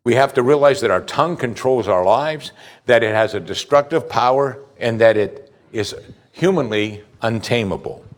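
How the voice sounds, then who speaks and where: Male pastor, mid-pitched, animated sermon delivery with big swings in pitch and volume, direct questions to the congregation. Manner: animated preaching, rising loud on high points, dropping low and slow for scripture; addresses listeners with direct questions.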